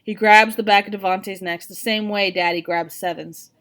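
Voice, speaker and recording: A woman reading a novel aloud in an expressive, first-person narration. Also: medium pitch, moderate pace. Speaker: audiobook reader.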